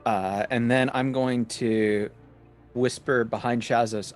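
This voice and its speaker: A man's voice: medium pitch, steady tone, slow pace, faint music behind. A man playing a cleric in a tabletop game, reading spell rules aloud steadily. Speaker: player, cleric.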